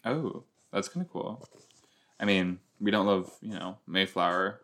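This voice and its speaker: A man with a lowish voice chats through a TV episode at an unhurried pace. He is excitable and talks back at the characters in a loose, casual commentary. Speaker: podcast host reacting to a TV episode. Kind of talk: casual watch-along commentary.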